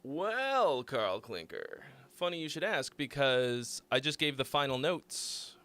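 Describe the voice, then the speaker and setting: Brief: young male streamer, unhurried, bouncy intonation, casual and profane. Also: mid-range voice, expressive, sharp tone, clear, resonant tone. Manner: loose, rambling, swears freely. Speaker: streamer hosting song critiques. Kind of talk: casual live-stream chat.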